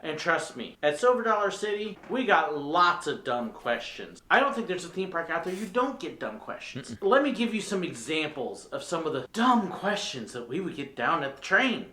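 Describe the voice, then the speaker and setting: His voice is high-pitched, pushed and bright as he hosts a casual live stream. Between laughs and jokes, he responds to viewers and swaps tales from work.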